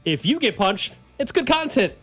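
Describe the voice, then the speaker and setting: A man's voice: very high voice, sing-song, normal speed, bright, forceful tone, breathy edge, no room sound, soft background music. A man hosting a sports radio show, chatting casually with dry teasing and reading segment teases. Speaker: radio host.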